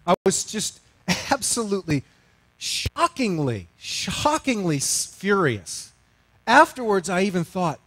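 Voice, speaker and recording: A middle-aged male pastor telling a story in a sermon, self-mocking and animated, swinging from loud to hushed. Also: sits high, unhurried, no room sound.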